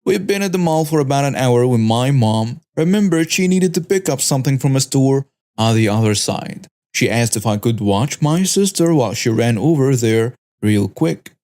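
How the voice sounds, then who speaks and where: A man's voice: mid-range voice, lively intonation, normal speed, few pauses, a little mellow. A man reading a scripted first-person story with a dramatic storytelling delivery. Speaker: story narrator.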